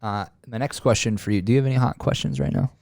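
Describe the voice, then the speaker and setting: A man's voice: mid-range voice, fast, creaky, a little mellow, no echo, clean studio sound. A man hosting a podcast interview, enthusiastic and affirming as he asks questions. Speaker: podcast host. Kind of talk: casual interview chat.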